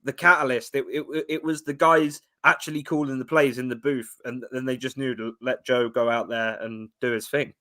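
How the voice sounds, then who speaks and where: A man's voice: mid-range voice, fairly even intonation, moderate pace, hardly any pauses, bright, forceful tone. A man with a Boston accent, a guest on a sports show, talking in a brash, heated, profane way. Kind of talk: casual sports chat.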